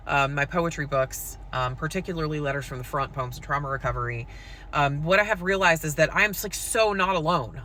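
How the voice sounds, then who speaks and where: Frank woman with a bright, sharp voice. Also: on the low side, slight background noise. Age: adult with school-age children. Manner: frank and conversational, with plenty of "like" and "um". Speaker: poet and content creator. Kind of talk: candid personal storytelling to camera.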